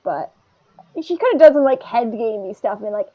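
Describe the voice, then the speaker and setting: A woman's voice: a little high, brisk, highs cut off. A woman co-hosting a podcast, chatting casually and rambling as she recaps an anime episode, often laughing and mimicking characters. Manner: rambling and animated, laughs a lot, puts on voices to quote characters. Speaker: podcast co-host.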